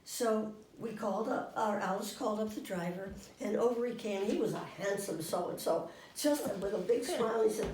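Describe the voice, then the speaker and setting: An older woman getting over a cold, telling anecdotes to a small audience in a lively, animated way and acting out the voices. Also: medium pitch, normal speed, few pauses, slight background noise. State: finishing a cold. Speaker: guest storyteller. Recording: roomy room, mic far off.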